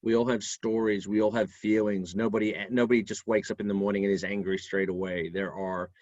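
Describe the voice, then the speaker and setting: An easygoing man hosts a web session with a low voice. The sound is muffled and lo-fi, like video call audio. It is close and dry with no room echo. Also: level tone, brisk, a little mellow. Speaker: host. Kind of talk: casual webinar hosting.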